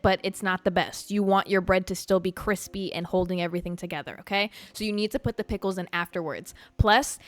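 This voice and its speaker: A woman hosting a podcast in casual chat, brash and excitable, swearing freely. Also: mid-range voice, no echo. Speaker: podcast host.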